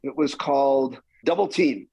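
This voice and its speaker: A man's voice: mid-range voice, unhurried, creaky, husky, no room sound. A man, a stuntman guest, telling stories in an interview and acting out the lines people said. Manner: animated, acts out quoted lines. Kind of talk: storytelling interview.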